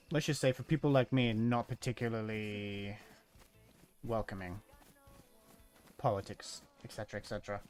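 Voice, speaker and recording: An easily amused man with an Australian accent chats with his viewers while gaming, rambling from one topic to the next. His voice sits at an ordinary middle pitch, and his talk is peppered with local slang. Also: smooth. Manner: uses Aussie slang. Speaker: streamer. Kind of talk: casual chat while gaming.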